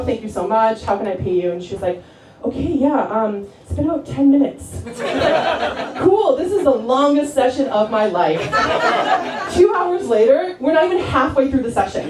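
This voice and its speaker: A woman in her thirties from Canada doing a stand-up comedy set, telling stories in a chatty style full of fillers and landing deadpan punchlines. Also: high voice, very noisy. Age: 30s. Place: comedy club stage. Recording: roomy club sound from a distance, loud crowd laughter. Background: audience laughing.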